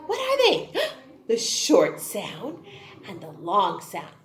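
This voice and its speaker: A woman's voice: on the low side, huge pitch swings, takes it slowly, a little hiss or hum. A woman teaching a kindergarten phonics class online, talking in a playful, exaggerated sing-song way. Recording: roomy echo.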